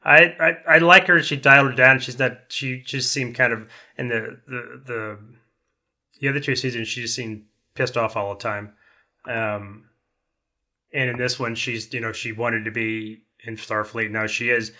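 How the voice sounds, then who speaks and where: A man's voice: mid-range voice, steady tone, moderate pace, pushed and bright. A man chatting casually as a podcast panelist, rambling with many restarts. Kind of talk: casual chat.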